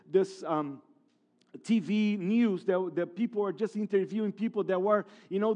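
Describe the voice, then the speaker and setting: High-voiced emphatic male preacher. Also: warm tone, muffled recording. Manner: emphatic preaching with repeated phrases and restarts. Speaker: pastor. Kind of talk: sermon.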